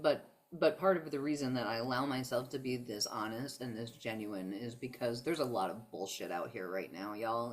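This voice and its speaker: A woman giving a heartfelt motivational talk on self-love, emphatic and emotional, often saying "y'all". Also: rumbling low. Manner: emphatic, preachy, uses "y'all". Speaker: spiritual self-help speaker.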